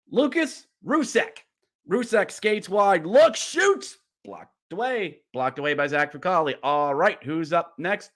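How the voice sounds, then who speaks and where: A man hosting a podcast, recapping a hockey game as a fan, getting riled up and yelling during the play-by-play. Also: high-pitched. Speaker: podcast host.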